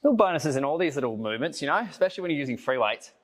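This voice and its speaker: A man's voice: fairly high pitch, expressive, racing. A young man co-leading a workout, joking and chatting between exercises. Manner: jokey, self-deprecating, chats between sets. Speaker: fitness coach. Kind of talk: workout class banter.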